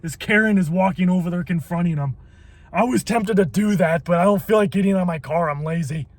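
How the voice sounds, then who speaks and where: A man's voice: high-pitched, a little fast, dry recording. A man vlogging from his car in a waiting line, grumbling and swearing in irritated rants. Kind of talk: ranting car vlog.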